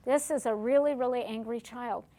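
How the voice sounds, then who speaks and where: A woman's voice: on the high side, normal speed, warm tone. A middle-aged woman giving a classroom lecture on family recovery, asking her audience questions and acting out short exchanges. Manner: asks the audience questions, acts out short dialogues.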